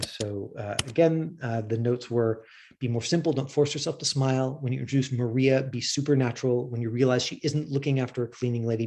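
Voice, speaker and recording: A man's voice: mid-range voice, a little mellow. A man teaching acting on camera, talking casually and rambling with many restarts. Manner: rambling, full of fillers and restarts. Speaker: acting coach.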